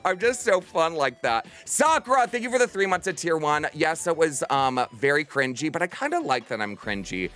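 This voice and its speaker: Young man, livestreamer, slightly high voice, bubbly and affectionate, soft music behind. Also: very animated. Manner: bubbly, affectionate, talks fast to chat. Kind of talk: casual stream chat. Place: home room.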